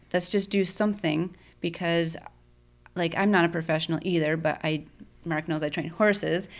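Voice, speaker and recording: A woman with a slightly low voice talks through her thoughts in a casual chat. She is earnest and reflective, and she pauses as she searches for words. She trains horses. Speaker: podcast guest. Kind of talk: casual conversation.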